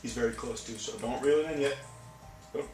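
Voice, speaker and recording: A young man co-hosting a casual gaming video, teasing and coaching his friend and shouting when things go well. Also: mid-range voice, brisk, distant mic. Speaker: gameplay channel co-host. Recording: roomy, off-mic with game music.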